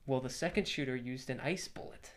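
A young man co-hosting a podcast in casual chat, joking in a deadpan, playful way. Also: mid-range voice, brisk. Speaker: podcast co-host.

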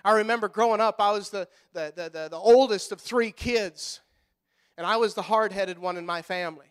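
A middle-aged pastor with a high, clear, resonant voice preaches a sermon at normal speed. His style is folksy, and he repeats words as he gets going, swinging between loud, fervent passages and quiet, soft-spoken stretches.

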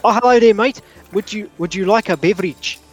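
A man's voice: high voice, husky, faint music behind, voice pushed up. A man voicing a touchy male barman with a put-on South African accent. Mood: friendly. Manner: touchy, quick to take offence.

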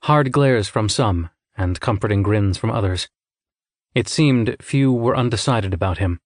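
Brief: male narrator, lowish voice, measured storytelling, dry close recording. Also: no echo. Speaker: audiobook narrator. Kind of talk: scripted narration.

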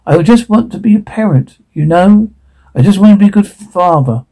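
An actor playing a soft-spoken, earnest man courting a single mother in a drama. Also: high-pitched, animated, moderate pace, slightly rough. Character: charming man hiding a menacing side. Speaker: suitor on a date. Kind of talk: dramatic film acting.

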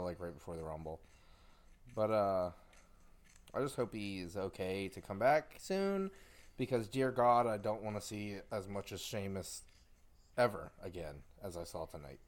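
A man's voice: sits low, animated, moderate pace. A man from the US South co-hosting a casual podcast chat in a laid-back, joking way. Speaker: podcast co-host.

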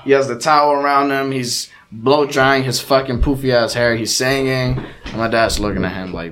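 A man's voice: mid-range voice, normal speed, slight background noise. Young man telling stories, swearing freely. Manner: animated storyteller, swears a lot, acts out quotes. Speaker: podcast co-host. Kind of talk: casual chat, storytelling.

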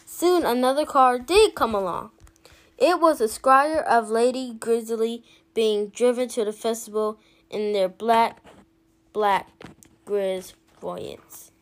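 Slow, high-voiced woman reading a storybook. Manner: slow, expressive read-aloud, lifting her voice for characters. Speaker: storybook reader. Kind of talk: reading a children's picture book aloud.

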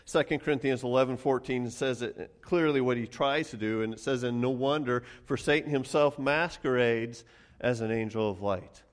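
A man preaching a sermon as pastor, telling stories casually and often repeating words as he goes. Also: medium pitch. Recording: long hall reverb.

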